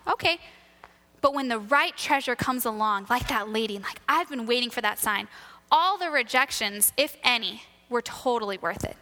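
Bright-voiced woman telling a testimony. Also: on the high side, normal speed, long reverb tail. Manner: animated, acts out voices in her stories. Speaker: church member sharing a testimony. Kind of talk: testimony storytelling.

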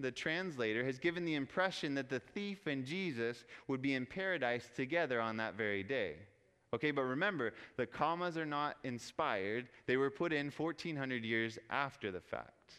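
A man delivers a sermon in a smooth, resonant voice that sits a little high, often putting questions to his listeners as he goes. His voice rings out with a long reverb, as in a large hall. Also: a bit bright. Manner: conversational, asks audience rhetorical questions. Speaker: preacher.

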